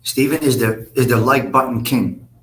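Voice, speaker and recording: A man talks straight to his viewers on a live stream. He rambles in a blunt, profane street manner at an ordinary mid pitch. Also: steady tone, moderate pace, a bit bright. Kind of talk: casual live-stream chat reading comments.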